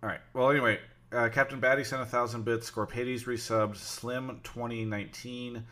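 A man's voice: mid-range voice, level tone, moderate pace, pushed and bright. A man hosting a live stream talk show, chatty and loose, thanking subscribers and taking callers with lots of fillers. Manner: chatty, reads out subs with frequent fillers. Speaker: stream host.

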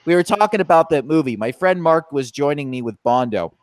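A man's voice: a little high, fairly quick, a little hiss or hum. A young man co-hosting a podcast, telling stories in casual chat, laughing often and acting out quotes. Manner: animated storyteller, laughs often, acts out quotes. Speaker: podcast co-host.

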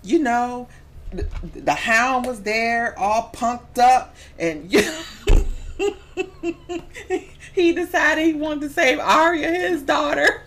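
A woman co-hosting a podcast in casual chat, animated and swearing, breaking into shouts when excited. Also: sits high, slow. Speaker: podcast co-host.

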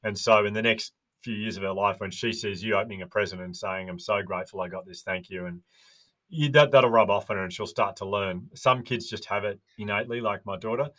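A man talking warmly on a remote call as a podcast guest, earnest and storytelling. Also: on the low side, fairly quick. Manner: earnest, storytelling with little voices. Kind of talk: casual podcast chat.

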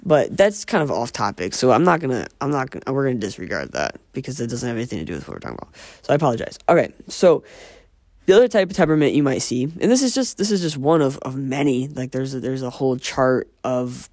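A man's voice: mid-range voice, big pitch swings, fast talker, darkish tone, dry recording. Rambling, swearing man musing aloud. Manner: rambling, profane, self-interrupting. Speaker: podcast host. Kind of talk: casual monologue.

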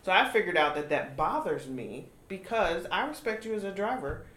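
A woman co-hosting a casual talk show, telling stories in a lively, laughing way. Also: on the low side, moderate pace. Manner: animated, laughing storyteller. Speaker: podcast co-host. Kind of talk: casual chat. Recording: roomy echo, faint noise.

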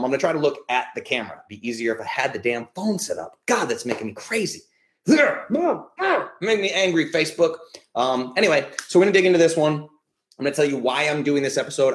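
Man, podcast host, casual live-stream chat, energetic, ranting, swears, mid-pitched, laptop mic at home. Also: echoey room. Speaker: podcast host and nutritional therapist.

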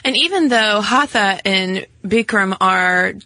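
A woman co-hosting a podcast, explaining things in casual chat with quick asides. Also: mid-range voice, animated, pushed and bright, no echo, rough recording. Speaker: podcast co-host.

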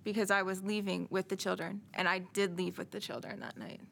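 Bright, gravelly-voiced woman recounting her story. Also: medium pitch, level tone, a little hiss or hum. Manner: earnest, measured, with frequent pauses. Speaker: interview guest, survivor of domestic abuse. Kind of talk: personal testimony in interview.

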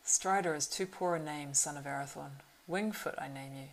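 A woman's voice: low voice, normal speed, low-quality recording. A woman voicing a proud young male horse-lord marshal in an audiobook reading, earnest and urgent.

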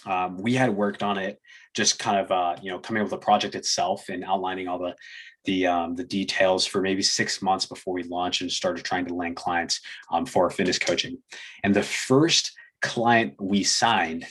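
Husky young man telling a story. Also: low voice, normal speed. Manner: relaxed, many fillers, laughs between phrases. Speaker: podcast guest, fitness coaching business owner. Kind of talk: casual storytelling.

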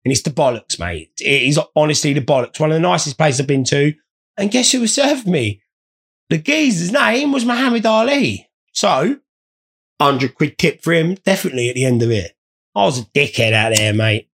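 Rambling, sweary bloke. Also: male voice, a little high, lively intonation, moderate pace, creaky, fairly bright tone, slightly rough. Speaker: storyteller. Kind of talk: comic storytelling.

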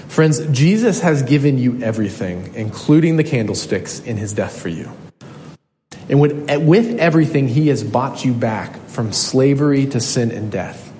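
Earnest young pastor preaching in an echoey hall. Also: male voice, mid-range voice, darkish tone. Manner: earnest storytelling with frequent ums and restarts. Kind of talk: sermon. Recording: echoey hall, faint noise.

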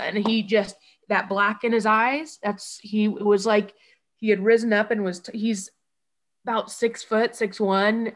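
A woman telling a painful personal story in an interview. She talks in halting bursts, with many restarts and quoted speech, and she sounds shaken. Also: mid-range voice, a bit bright. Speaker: guest telling her story. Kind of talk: emotional personal account.

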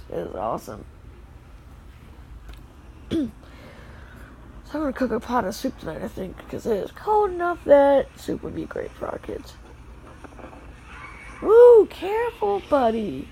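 A woman filming her children playing outside in the snow, narrating casually and calling out gentle, firm warnings to the kids. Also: a little high, a little hiss or hum, rough recording. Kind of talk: casual family vlog. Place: outdoors in the snow.

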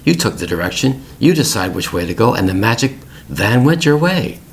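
A man's voice: lowish voice, sing-song, moderate pace, vocal fry, slight background noise. A middle-aged man hosting an English-learning podcast, telling a family story in plain, repetitive words for learners.

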